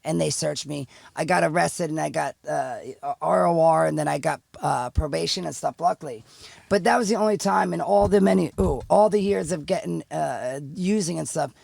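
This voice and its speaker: A middle-aged man speaks as a podcast guest. His voice is heavily gravelly and sits a little high for a man. He rambles candidly and restarts often, close to the mic in a dry, dead room. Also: normal speed, darkish tone, no echo. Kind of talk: casual storytelling chat.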